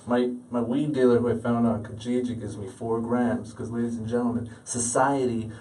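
A man's voice: medium pitch, little pitch movement, normal speed, mellow. A man in his late thirties doing a stand-up comedy set, self-deprecating and punchy. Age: 30s. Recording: stage audio from a distant mic.

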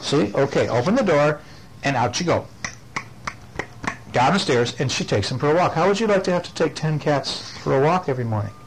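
A man's voice: fairly high pitch, brisk, a little hiss or hum, poor audio. Playful father reading a bedtime story. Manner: playful and animated, with chatty asides to the child. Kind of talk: reading a picture book aloud to a child.

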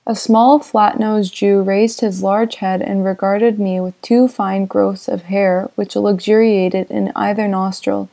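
A woman narrating a classic novel as an audiobook in a measured storytelling manner. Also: mid-range voice, flat delivery, vocal fry, dark tone.

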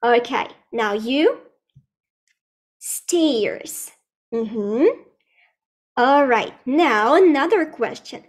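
Slow, high-voiced teacher. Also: female voice, animated. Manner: slow, clear, repeats words for learners. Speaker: online English teacher for kids. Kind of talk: live online children's lesson.

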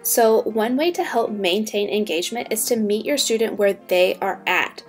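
An upbeat woman teacher talks fellow teachers through classroom tips in a clear, explanatory way. Her pitch sits in an ordinary middle range. Faint music plays quietly behind her. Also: normal speed. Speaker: online ESL teacher. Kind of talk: instructional talk to fellow teachers.

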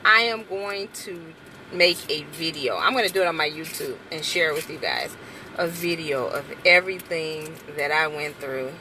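A young adult woman vlogs from inside a car, chatting casually and playfully with her viewers and breaking into high exclamations. Her voice is pushed and bright, with a little hiss or hum in the audio.

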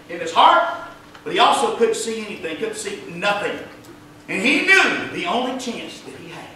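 A male pastor preaches with fervor, swinging from hushed asides to ringing calls. His voice sits unusually high and bright. It rings around a big, echoing church, caught from well back. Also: a little hiss or hum. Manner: fervent preaching, rising to loud cries. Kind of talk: sermon. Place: church sanctuary. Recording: echoey church heard from a distance.

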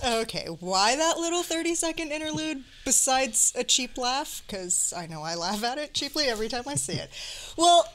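Femme animatrice à la voix un peu aiguë. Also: female voice, high-pitched, a bit bright, slight background noise. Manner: conversational, wry, questioning. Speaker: host, journalism professor. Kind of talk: casual panel discussion.

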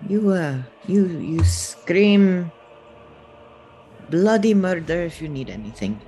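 A man playing a tabletop game, speaking slowly and hesitantly in a playful manner. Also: sits high, expressive, mellow, soft background music. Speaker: player. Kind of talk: casual chat in a tabletop game.

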